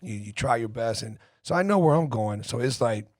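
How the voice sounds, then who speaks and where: A man's voice: medium pitch, lively intonation, a little fast, no echo, clean studio sound. A man hosting a podcast, laid-back and encouraging, full of slangy agreement. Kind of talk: casual podcast chat.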